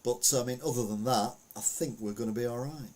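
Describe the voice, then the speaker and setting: A man's voice: medium pitch, fairly quick, a little mellow. A man, hosting a podcast of casual news commentary, rambling and chatty with lots of fillers. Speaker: podcast host.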